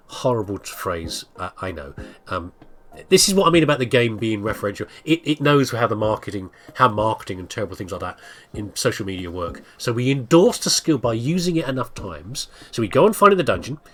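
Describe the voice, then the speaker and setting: Chatty man with a lively voice. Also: mid-range voice. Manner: chatty, rambling, laughs often. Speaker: gameplay video host. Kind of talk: casual let's-play commentary.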